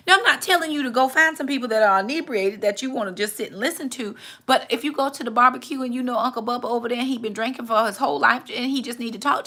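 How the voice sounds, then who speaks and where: A woman talks easily about faith and family life as host of her own channel. Her voice is bright and sits a little high. She often jumps into quick, high, animated voices to act out other people. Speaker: channel host, mother giving faith advice. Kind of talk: casual faith talk to camera.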